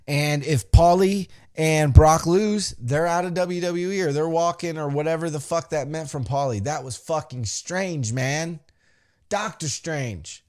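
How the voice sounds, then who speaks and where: A man hosting a podcast, recapping a wrestling show with animated, profane storytelling and acted-out quotes. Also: a little high. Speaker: podcast host.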